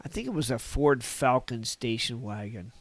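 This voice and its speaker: A man's voice: mid-range voice, animated, moderate pace, no echo. A man in his sixties from Northern California, a podcast guest telling old stories in a rambling, folksy way and chuckling at his own tales. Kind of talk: casual reminiscing storytelling.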